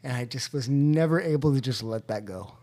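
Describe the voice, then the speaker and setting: A man's voice: medium pitch, fairly quick, warm tone. A man from California, a podcast guest, telling his recovery story in an earnest, heartfelt way.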